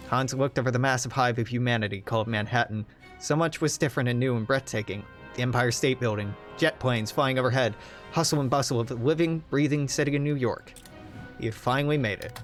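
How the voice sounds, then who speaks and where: A man's voice: medium pitch, brisk, soft background music. A young man reading game event text aloud, breaking off into wry, joking asides. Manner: wry, joking asides between read-out passages. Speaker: game streamer.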